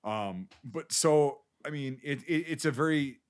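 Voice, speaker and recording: A man's voice: a little high, expressive, a little slow, smooth. A man co-hosting a podcast, reviewing a war film in loose, rambling talk with casual swearing. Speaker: podcast co-host.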